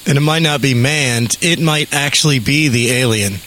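A man co-hosting a podcast in casual chat, tossing out quick jokes. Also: mid-range voice, fairly bright tone, slight background noise, poor audio. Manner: joking, quick quips. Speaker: podcast co-host.

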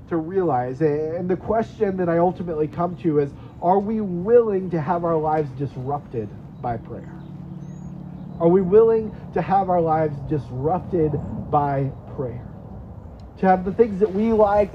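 A man with a fairly high but mellow, warm voice gives an earnest, conversational sermon and circles back to repeat his key phrases. The recording is dull and lo-fi, with a faint hiss of noise underneath. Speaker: preacher.

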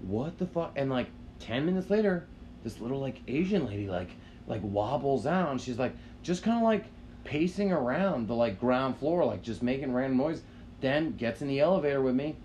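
A man's voice: mid-range voice, lively intonation, normal speed, a little mellow, slight background noise. A man telling a long story on a podcast in casual chat, rambling and swearing, with lots of "like" fillers. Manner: rambling, profane, frequent "like" fillers. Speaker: podcast co-host.

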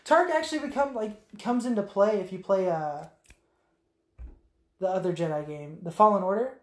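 A woman in casual chat, retelling movie scenes with lots of swearing and quick quoted voices. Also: mid-range voice. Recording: echoey room.

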